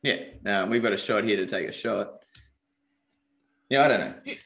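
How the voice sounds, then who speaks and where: A man's voice: on the low side, moderate pace, vocal fry, fairly bright tone. An Australian man co-hosting a podcast, giving laid-back opinions and teasing his co-host in casual sports talk. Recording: echoey room.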